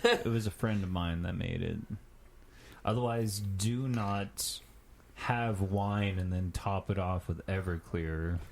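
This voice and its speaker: A man's voice: low-pitched, steady tone, slow pace, gravelly, darkish tone, a little hiss or hum. A man in a casual podcast chat, giving emphatic warnings.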